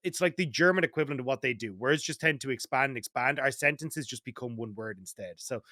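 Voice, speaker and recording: A man's voice: mid-range voice, fast talker, pushed and bright, dry recording, clean studio sound. An Irish man co-hosting an esports panel, chatting casually with lots of "like" fillers and easy laughs. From Ireland. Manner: rambling, filler-heavy, laughs often. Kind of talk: casual analytic chat.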